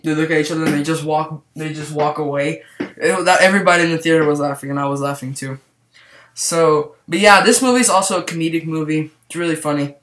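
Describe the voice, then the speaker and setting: A man giving a casual movie review to camera, rambling and excited, with lots of "like" fillers. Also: on the high side, a little fast. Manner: rambling, excitable, heavy use of "like". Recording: roomy echo.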